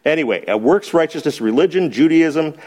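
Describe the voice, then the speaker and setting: A man's voice: a little high, lively intonation, fairly quick, darkish tone. A man teaching a Bible study to a small group in a church, chuckling often and asking rhetorical questions and then answering them.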